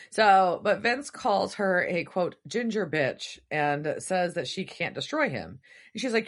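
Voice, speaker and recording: A woman's voice: on the low side, a little slow. A woman co-hosting a podcast, recapping a TV episode in casual chat and acting out the characters' lines. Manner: animated storytelling, swearing, acting out quotes. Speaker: podcast co-host.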